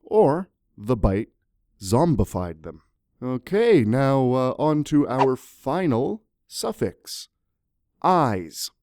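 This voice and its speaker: Male English teacher, playful and animated, slow and mellow. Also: medium pitch, no room sound, clean studio sound. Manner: jokey, animated, talks to viewers. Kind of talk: playful scripted grammar lesson.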